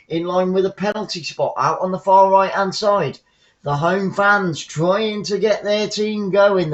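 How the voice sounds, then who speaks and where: Bloke doing fan commentary from his living room, rambly and chatty, bit of a higher voice, muffled lo-fi mic. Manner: chatty, rambling asides between excitable play-by-play. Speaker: fan commentator hosting a live stream. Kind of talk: casual live football commentary. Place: at home, watching the match remotely.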